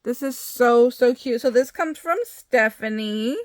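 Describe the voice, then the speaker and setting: A woman's voice: fairly high pitch, a little slow, no room sound. Chatty woman with a dry close sound. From United States. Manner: gushing, excitable, many exclamations. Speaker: crafting vlogger opening happy mail. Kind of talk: casual chat.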